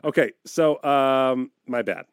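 A man's voice: mid-range voice, slow, smooth, dry recording, studio quality. A man co-hosting a comedy podcast, rambling and hesitant with lots of fillers as he jokes with friends. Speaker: podcast co-host. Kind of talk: joking podcast banter.

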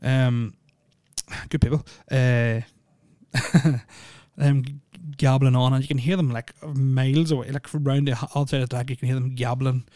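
A man's voice: mid-range voice, little pitch movement, moderate pace, dark tone, no echo. A man hosting a solo podcast, rambling with lots of ums and dry jokes. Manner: rambling, filler-heavy, joking. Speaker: podcast host. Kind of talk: casual solo podcast chat.

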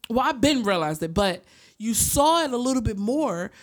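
A woman with a voice who chats casually and tells her stories in an animated way. She swears freely and drops into quick impressions of the people she's talking about. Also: a little high. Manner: animated storytelling, heavy swearing, acts out quoted voices. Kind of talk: casual chat.

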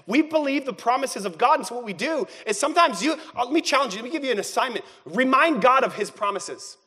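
A young man preaching a sermon as pastor, moving between quiet prayerful passages and loud shouted ones. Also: brisk. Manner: animated, swings from low prayerful tones to shouting. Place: church sanctuary. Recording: long hall reverb with faint music.

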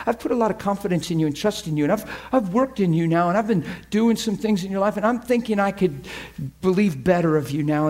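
A male preacher voicing a stern, disappointed God who scolds a girl with rapid accusing questions. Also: sits high, darkish tone, pitched below the performer's own voice, close to an everyday voice.

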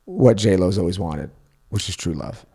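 A man's voice: deep voice, lively intonation, unhurried, warm tone, breathy edge. A man co-hosting a casual chat, easygoing and fond of slang. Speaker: co-host.

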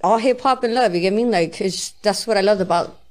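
A woman's voice: mid-range voice, brisk, darkish tone. A woman rapper in a casual interview, talking loosely and candidly, often checking "you get me?", swearing and laughing easily. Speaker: rapper guest.

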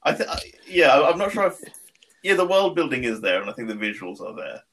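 A man in casual podcast chat about a film, chatty and quick to laugh. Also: mid-range voice, big pitch swings, vocal fry, a bit bright. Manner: chatty, laughs often, looks things up mid-talk. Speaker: podcast co-host.

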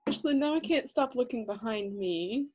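A woman's voice: a little high, expressive, moderate pace, darkish tone, a little hiss or hum. A woman co-hosting a podcast, chatting in an emphatic, jokey way. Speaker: podcast co-host. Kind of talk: casual chat.

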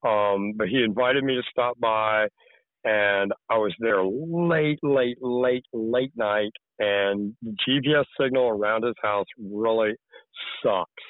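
Rambling man, candid podcast guest, lowish voice, dry phone-line sound. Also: takes it slowly, no room sound. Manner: rambling, candid storytelling with many fillers. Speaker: podcast guest, tree care worker. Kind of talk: casual conversation.

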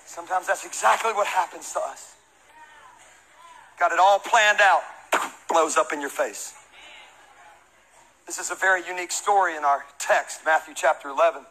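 A pastor from the American South who preaches his sermon as lively, high-energy comic storytelling. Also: moderate pace, long pauses, breathy edge, low-quality recording.

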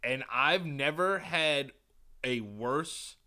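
A man's voice: mid-range voice, very slow. A man from New York telling a story in casual chat as a podcast co-host, swearing and acting out the people he quotes. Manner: animated, swearing, acts out quotes loudly.

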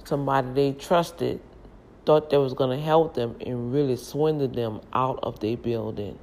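A middle-aged woman, chatting casually in a storytelling vlog from a home kitchen, animated and laughing at herself. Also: very deep voice, normal speed. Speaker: vlogger.

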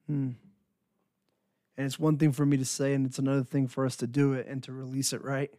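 Male minister, mid-pitched, earnest and encouraging devotional delivery, dry sound. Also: little pitch movement, moderate pace, a little mellow, no echo. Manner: earnest, encouraging, repeats phrases for emphasis. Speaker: Christian minister. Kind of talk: devotional podcast talk.

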